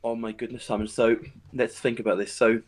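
A man's voice: mid-range voice, little pitch movement, a little fast. A man who plays music, chatting as an interview guest, rambling with lots of restarts and fillers. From England. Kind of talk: casual interview chat.

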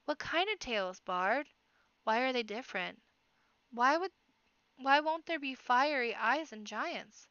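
A woman's voice: sits high, animated, a little slow, bright, forceful tone, clean tone, no room sound, lo-fi sound, voice pushed up, exaggerated voice. A woman voicing a crowd of eager little rabbits pestering with questions. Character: eager young rabbit children.

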